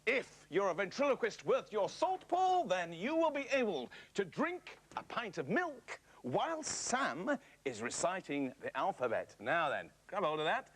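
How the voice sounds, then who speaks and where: Excitable high-voiced comic man. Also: unhurried. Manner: boastful, bossy, excitable, comic. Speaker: children's TV presenter. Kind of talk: comic children's puppet show.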